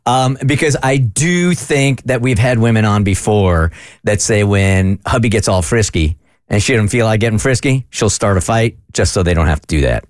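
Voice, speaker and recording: A man hosting a radio talk show, chatty and quick to laugh as he asks the others questions. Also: fairly low pitch, no room sound, studio quality. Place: radio studio.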